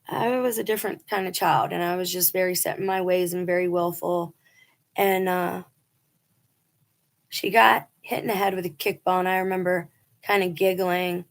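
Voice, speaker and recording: A woman's voice: mid-range voice, creaky. A middle-aged woman telling a personal story in a casual, earnest and emphatic way, acting out quoted dialogue. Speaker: vlogger telling a personal testimony.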